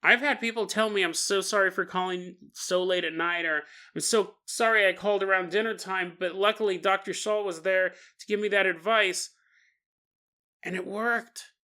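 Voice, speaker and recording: A man voicing an older grandmother who speaks in a low-key, weary, matter-of-fact way. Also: fairly even intonation, normal speed, sharp tone, clean tone.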